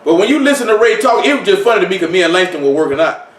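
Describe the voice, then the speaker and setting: A man's voice: sits high, big pitch swings, rapid-fire. Man, preacher, informal sermon, repeats himself, rhetorical questions, echoey room. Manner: conversational, repetitive, rhetorical questions. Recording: echoey room, mic far off.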